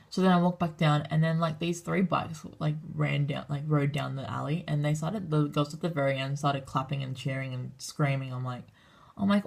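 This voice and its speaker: Speaking briskly with a steady, slightly mellow tone, this young vlogger chats to camera in a low voice with a husky, raspy edge and gravelly fry closing her phrases. Her casual talk wanders, is full of swearing, and has her voicing each person in the story.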